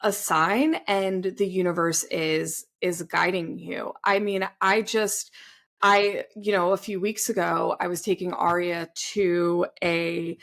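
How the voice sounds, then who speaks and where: A woman in her thirties co-hosting a podcast, talking in a relaxed, reflective way with many fillers. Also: lowish voice, slow, gravelly. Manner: conversational, filler-heavy, reflective. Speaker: podcast co-host. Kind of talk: casual chat.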